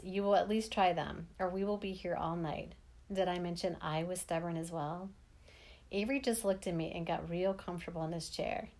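A woman with a lower voice narrating her own life story. She tells it plainly, with dry, wry asides. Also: darkish tone. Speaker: memoir narrator. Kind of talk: first-person memoir storytelling.

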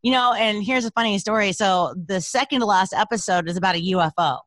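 A woman co-hosting a podcast in casual chat, brash, profane and animated. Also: mid-range voice, fast, no room sound, studio quality. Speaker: podcast co-host.

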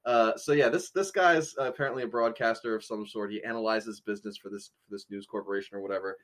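Animated laughing podcast co-host, man. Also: on the low side, quick pace. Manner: animated, laughing storyteller reading out quotes. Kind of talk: casual podcast chat.

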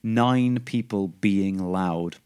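Low-voiced man chatting with enthusiasm. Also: extremely slow, darkish tone, clean tone. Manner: rambling, with many fillers and restarts. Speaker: podcast co-host. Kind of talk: casual chat.

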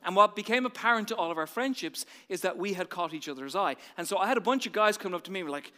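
An Irish man in his forties, a pastor delivering an animated sermon that swings from hushed to loud, recorded in a large church hall. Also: sits high, racing, few pauses. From Ireland.

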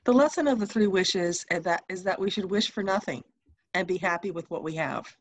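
Woman library presenter, lowish voice, dry recording. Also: expressive, fairly quick, no echo. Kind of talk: scripted discussion.

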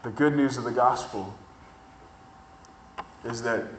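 A man preaching a sermon, telling a story and acting out the people in it, building to excited shouting. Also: mid-range voice, slow pace, reverberant, distant mic, slight background noise, low-quality recording. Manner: builds from calm to shouting excitement, acts out dialogue. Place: church hall with congregation.

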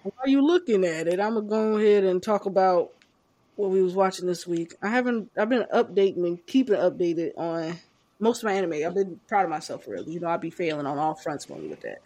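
A woman's voice: fairly low pitch, lively intonation, a little fast, dark tone. A young woman, co-hosting a casual chat, telling stories animatedly and laughing often. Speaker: podcast co-host.

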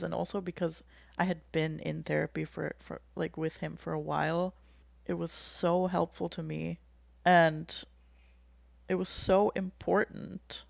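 A young woman talks openly about her own life in a relaxed chat. Her voice sits low and has a heavy gravelly fry. The recording is dry and close. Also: no room sound. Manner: candid, emotional, laughs while telling. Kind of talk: casual personal storytelling.

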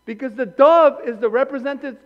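A male pastor preaching a sermon in an animated way, acting out voices and wandering into anecdotes with self-corrections. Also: very high-pitched, normal speed, in a large hall, dull audio. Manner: animated, acts out quoted voices. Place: church hall.

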